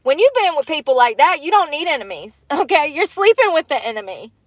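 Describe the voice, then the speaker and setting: A woman's voice: high-pitched, big pitch swings, a little fast, dry recording. A woman, livestreaming casual chat from a parked car, rambling and candid and laughing often. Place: parked car in a parking lot.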